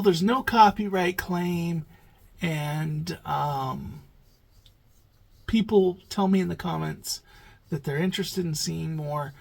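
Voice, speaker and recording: Reaction channel host, tired late-night ramble, lots of "ums", creaky low-energy delivery. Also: rough recording. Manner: rambling, hesitant, many fillers. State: sleepy, yawning. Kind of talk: casual late-night vlog talk.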